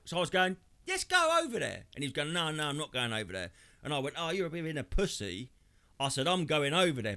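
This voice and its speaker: Man, podcast co-host, bright lively storyteller, swears a lot. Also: medium pitch. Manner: animated, swearing, acts out quoted voices. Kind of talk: casual comedic storytelling.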